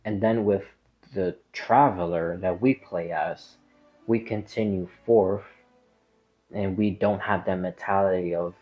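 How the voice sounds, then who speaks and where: A man's voice: deep voice, steady tone, a little slow, darkish tone, lo-fi sound, soft background music. A man casually talking through a theory in a rambling, hesitant way, with lots of filler words and restarts. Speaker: gaming lore commentator. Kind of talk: casual explanatory monologue.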